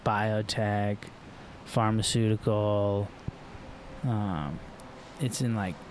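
A man's voice: fairly low pitch, steady tone, extremely slow, a little hiss or hum. Rambling, casual man from Florida. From Florida, USA. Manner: loose and rambling, full of fillers and restarts. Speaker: guest, professional surfer. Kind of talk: casual podcast conversation.

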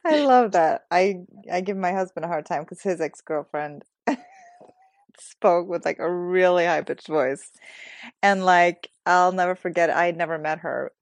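A woman hosting a podcast in casual conversation, chatty and quick to laugh. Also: fairly low pitch, dry recording. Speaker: podcast host.

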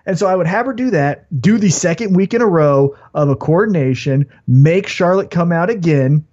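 A man hosting a podcast in casual chat, telling stories in an animated way and acting out scenes. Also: on the high side, normal speed, dull audio. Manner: animated storytelling, acts out scenes. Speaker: podcast host.

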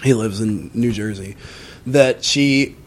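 A man, a podcast guest and musician, telling a personal story in casual conversation, full of fillers and swearing, and jumping into higher, louder voices when he quotes people. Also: slow. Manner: animated retelling with frequent swearing and fillers.

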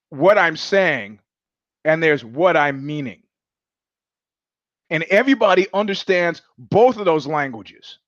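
A man's voice: fairly high pitch, fairly bright tone, dry recording. Guy hosting a live stream, rambles thru stories w lots of restarts and quoted bits, dry muffled sound. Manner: rambling storyteller with many restarts and quoted asides. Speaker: show host. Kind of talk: casual livestream monologue.

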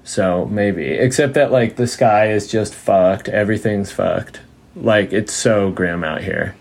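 A man chats as a podcast guest in a low, gravelly voice. He rambles through stories with many fillers and laughs, and slips into his mother's voice when he quotes her. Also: takes it slowly. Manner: acts out his mom's voice when quoting her. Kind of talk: casual chat.

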